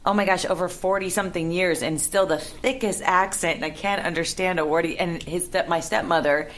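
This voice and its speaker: Low voiced lady comedian from miami telling stories, keeps laughing. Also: brisk. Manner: laughs a lot, animated storytelling. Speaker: guest comedian. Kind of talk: casual interview chat. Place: radio studio.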